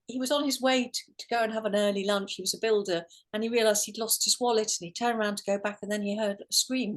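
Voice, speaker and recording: Earnest woman telling her story. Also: medium pitch. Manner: earnest, rambling with many restarts and fillers. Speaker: interview guest. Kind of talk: emotional storytelling.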